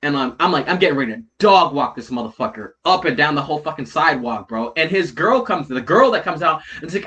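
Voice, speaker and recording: Bright-voiced man telling a wild story. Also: fast, hardly any pauses. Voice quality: heavy swearing, slangy, repeats "right?" and "bro". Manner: animated, swings from loud retelling to low mutters. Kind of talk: casual storytelling chat.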